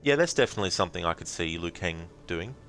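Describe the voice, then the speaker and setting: A man's voice: sits low, expressive, fast talker, a bit bright. An Australian man streaming a game, chatting casually with viewers in a rambling way. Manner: rambling, full of fillers.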